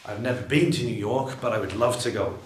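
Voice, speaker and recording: A man explaining how he teaches English verb tenses, talking slowly and deliberately and drawing out his example phrases. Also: lowish voice, a little hiss or hum. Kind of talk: teacher training walkthrough. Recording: roomy echo, voice far from the mic.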